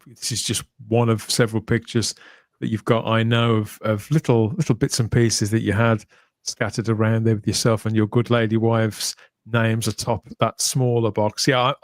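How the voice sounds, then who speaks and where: Casting: man, mid-pitched, wry teasing podcast host, dry close sound. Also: dry recording. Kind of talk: casual livestream chat.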